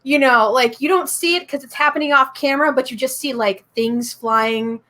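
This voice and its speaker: A woman's voice: high voice, moderate pace, sharp tone. A woman in casual chat, talking in a chatty, giggly way full of fillers. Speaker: psychic reader, co-host.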